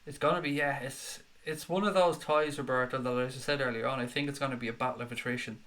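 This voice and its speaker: A young man hosting a football fan live stream, chatting excitedly and reading out viewer comments. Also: mid-range voice, fast. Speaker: football fan channel host. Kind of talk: live-stream chat reaction.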